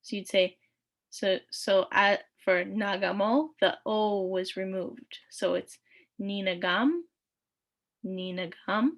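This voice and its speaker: A woman's voice: medium pitch, little pitch movement, slow pace, dull audio. A woman teaching a recorded language lesson, repeating each word patiently with frequent ums.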